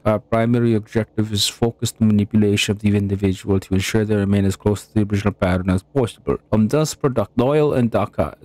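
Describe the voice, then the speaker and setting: A man's voice: lowish voice, darkish tone, no echo. A man casually commentating a horror game as he plays, swearing freely and stumbling over hard words while reading in-game documents aloud. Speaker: gamer.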